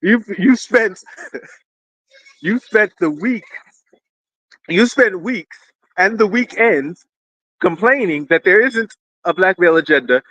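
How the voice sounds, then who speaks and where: A man hosting casual live-stream commentary, rambling and animated, often repeating words as he restarts. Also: high-pitched, slow, long pauses, no room sound, highs cut off. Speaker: political commentary host. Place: indoors near a street with fire trucks.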